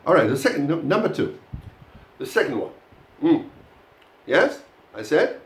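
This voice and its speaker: A male teacher talks through a pronunciation lesson in front of his class. His pitch swings widely as he quizzes the students, and he fills his talk with "uh" and "you know". The room gives the voice a noticeable echo. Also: a little slow. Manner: animated, addresses students directly with many fillers.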